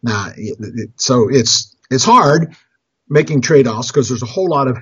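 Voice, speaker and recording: A very husky, breathy man talks about budgeting as a financial counselor. He rambles, restarts his phrases and chuckles along with his own stories. The recording is dry and close, with a dull lo-fi sound. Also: medium pitch, expressive, normal speed, a bit bright, dry recording. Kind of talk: storytelling talk on budgeting.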